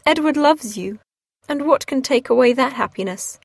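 A woman's voice: sits high, lively intonation, moderate pace, gravelly, dry recording, studio quality, heavily acted. A woman reading as Marianne, a heartbroken young woman. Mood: anguished. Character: grief-stricken young woman, passionate and despairing.

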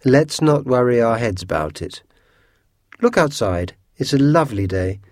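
A man voicing a calm, sensible mother in a storybook reading, speaking soothingly. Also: mid-range voice, moderate pace, no echo, clean studio sound, lightly acted.

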